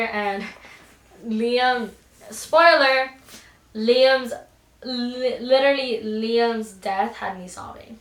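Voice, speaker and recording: A woman chatting casually in a book vlog, gushing and animated, with many fillers and restarts. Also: on the high side, extremely slow, echoey room, far from the mic, a little hiss or hum. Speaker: book vlogger.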